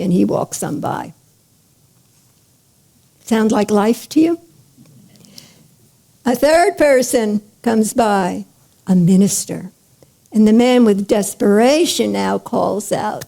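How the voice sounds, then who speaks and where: A woman spiritual teacher telling a parable in a slow, deliberate lecture, drawing out words and checking in with her listeners. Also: on the high side, creaky, dark tone. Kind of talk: storytelling lecture.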